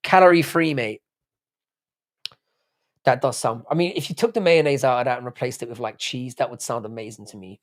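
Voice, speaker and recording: A man hosts a casual live stream, reading comments from chat and firing back with laddish, foul-mouthed banter. His throat is strained and wearing out, and his voice sits at an ordinary middle pitch. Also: brisk, long pauses. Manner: laddish banter, swearing freely. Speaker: livestream host reading chat.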